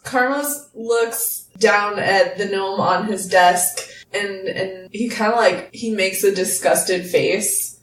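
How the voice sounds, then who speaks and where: A woman's voice: mid-range voice, takes it slowly, a little hiss or hum. A woman narrating as the game master in a chatty, filler-heavy way. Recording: echoey room, mic at a distance.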